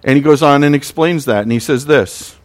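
A man's voice: medium pitch, a little fast. A man preaching a sermon, telling stories and acting out the voices in them. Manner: preaching with scripture readings and sung verses. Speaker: pastor.

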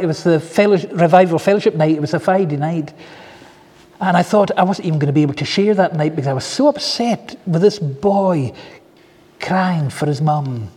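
A man preaches a sermon, with a slightly raised, mellow voice and a touch of huskiness. He tells his stories in an earnest, heartfelt way. The sound carries the long reverb of a large hall. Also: a little high, breathy edge. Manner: earnest storytelling with soft asides. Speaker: pastor.

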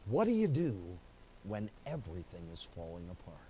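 A man's voice: fairly low pitch, huge pitch swings, moderate pace, warm tone, breathy edge. A man preaching a sermon as pastor at an evening church service, telling the story with animation and acting out quotes, with many "you know" fillers.

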